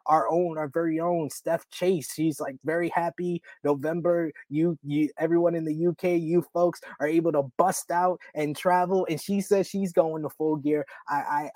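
A man in his thirties hosting a casual wrestling podcast, rambling with lots of fillers and loud laughs. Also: fairly high pitch, no echo. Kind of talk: casual chat.

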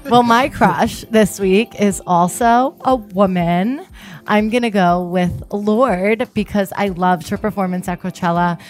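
A woman co-hosting a casual entertainment chat, upbeat and quick to laugh. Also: mid-range voice. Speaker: co-host.

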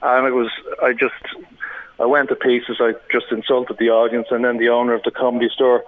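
An Irish comedian telling rambling, self-deprecating gig stories in casual chat. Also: male voice, medium pitch, little pitch movement, fairly quick, no room sound. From Ireland. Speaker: stand-up comedian guest. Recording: tinny phone-like line.

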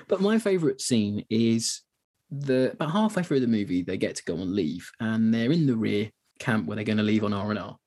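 A man's voice: fairly low pitch, lively intonation, moderate pace, a little mellow, breathy edge. A man co-hosting a podcast, chatting casually about a film with rambling sentences and lots of fillers. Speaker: podcast co-host.

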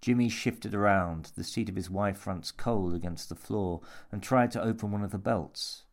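Man, low voice, horror story narration, measured, deliberate.

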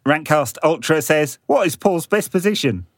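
A man's voice: a little high, expressive, normal speed, dry recording. A man co-hosting a podcast, reading listener questions in a dry, sardonic way. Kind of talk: casual podcast chat.

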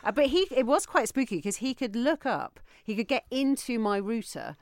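A woman's voice: a little high, lively intonation, moderate pace, a little mellow, dry recording. A woman co-hosting a radio talk show, trading dry, teasing remarks with the host. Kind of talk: casual radio chat.

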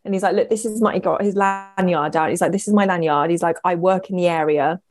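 A woman's voice: lowish voice, steady tone, fast, darkish tone, soft background music. A young woman casually telling a story, chatty and swearing, acting out the voices she quotes.

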